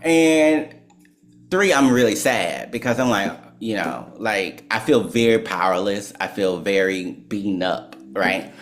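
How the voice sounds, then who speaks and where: Animated storytelling man. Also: fairly low pitch, unhurried. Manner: animated storyteller who laughs and acts out quotes; filler-heavy with "like" and "right?". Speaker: guest author and psychologist. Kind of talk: storytelling in conversation.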